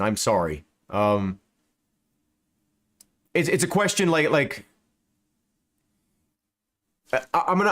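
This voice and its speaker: A man's voice: medium pitch, fairly bright tone. Rambling man commenting on gameplay. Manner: rambling, repeats words, stammers, swears. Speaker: gaming YouTuber.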